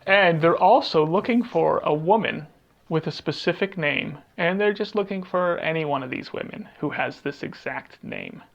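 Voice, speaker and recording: A man's voice: a little high, very animated, normal speed, gravelly, muffled recording, slight background noise. A man co-hosting a casual podcast game, rambling and searching aloud for half-remembered titles. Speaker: podcast co-host.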